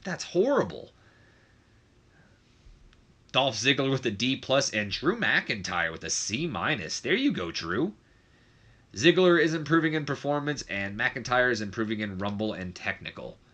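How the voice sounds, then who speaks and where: Chatty young man with a bright, forceful voice. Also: mid-range voice, big pitch swings. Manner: chatty, frequent fillers and self-corrections; does quick mock voices of others. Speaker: game commentator. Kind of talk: casual game commentary recap.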